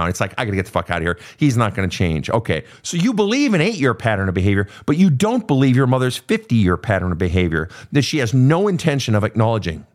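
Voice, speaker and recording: A man in a confrontational coaching session, swearing freely and pressing hard with repeated questions. His pitch swings widely from line to line, with a middle-range voice. He talks bluntly and keeps pushing for answers. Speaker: host.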